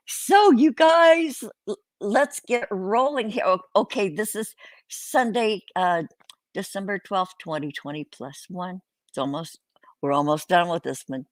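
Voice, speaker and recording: A woman's voice: fairly low pitch, no echo. Salty older woman hosting a chat stream. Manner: salty, rambling, swears freely. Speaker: host. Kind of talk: casual live-stream chat.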